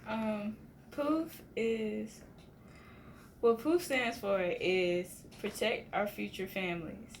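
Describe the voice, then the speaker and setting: A woman guest describing her mentor fondly in a casual, relaxed way. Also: mid-range voice, slow, a little hiss or hum. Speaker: interview guest. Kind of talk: casual interview answer.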